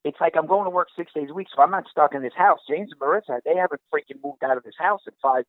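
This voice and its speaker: A man telling an exasperated, animated story in casual chat, swearing and acting out what people said, heard over a phone line. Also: on the high side, fast talker, no room sound.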